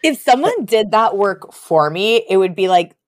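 A woman's voice: mid-range voice, sing-song, normal speed, no echo, clean studio sound. A woman co-hosting a podcast, recapping a sitcom episode in casual, giggly chat full of fillers. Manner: giggly, chatty, lots of fillers.

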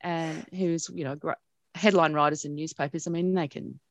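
A middle-aged woman with an Australian accent and a low voice, recalling her upbringing in a lively, story-driven way. She laughs often as she talks. The recording is close and dry. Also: brisk, dry recording. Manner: animated storytelling with frequent laughs. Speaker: broadcast journalist, interviewee. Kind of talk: reminiscing in an interview.

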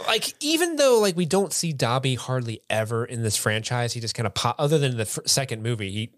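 A man co-hosting a casual movie podcast, telling the plot in a quick, lively way. His voice rises and falls a lot, and he laughs often. The sound is dry and close. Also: mid-range voice, no room sound. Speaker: podcast co-host. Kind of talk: casual movie review chat.

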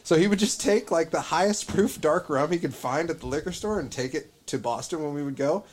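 A man's voice: a little high, a little fast. A young man co-hosting a podcast, telling loose, profane stories in casual chat. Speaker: podcast co-host.

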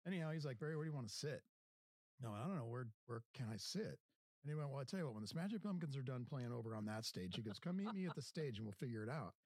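A man hosting a podcast, telling stories in a casual, animated way and acting out the quotes. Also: mid-range voice, quick pace, dry recording, clean studio sound. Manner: animated storyteller, acts out quotes. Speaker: podcast host. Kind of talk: casual storytelling chat.

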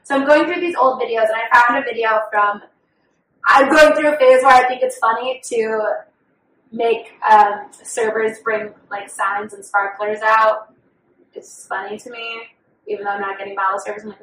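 Speaking briskly in a high-leaning, somewhat bright voice, this podcast co-host is a young woman who overshares about her life in a candid, profane, casual chat. A distant mic makes the sound roomy, and there's slight background noise.

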